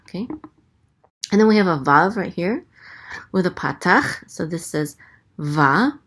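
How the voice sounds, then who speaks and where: A woman teaching a language lesson, sounding out letters and vowels slowly and carefully, with frequent hesitations. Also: on the low side, lively intonation, fairly bright tone. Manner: hesitant, many ums, slow careful sounding-out. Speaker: Hebrew teacher. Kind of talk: casual teaching, spelling out letters.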